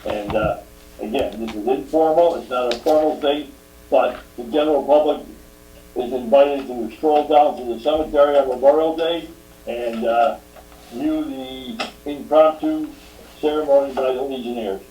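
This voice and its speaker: A man's voice: mid-range voice, normal speed, mellow. A man on a town board speaking hesitantly at a meeting, with many uh's and restarts. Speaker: board member. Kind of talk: meeting remarks. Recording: echoey room, distant from the mic, faint hum.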